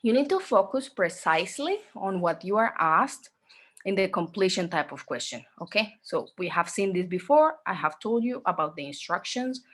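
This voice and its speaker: A woman teaching an online exam-prep class, speaking slowly, repeating herself and often checking in with "okay?". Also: medium pitch, animated, a bit bright. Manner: slow, repetitive, checks in with "okay?".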